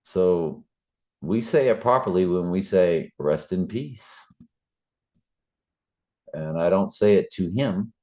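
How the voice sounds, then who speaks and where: A man's voice: sits low, a little slow, dark tone. A middle-aged man, talking in an earnest, preachy way with fillers and restarts. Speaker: Bible study channel host. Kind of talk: casual spoken reflection.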